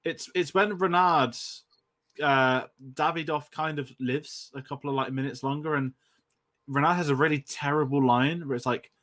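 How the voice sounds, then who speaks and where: A man's voice: on the high side, a bit bright. A man co-hosting a podcast, chatting casually about a film and often stopping to restart his sentences. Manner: hesitant, halting with restarts. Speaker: podcast co-host.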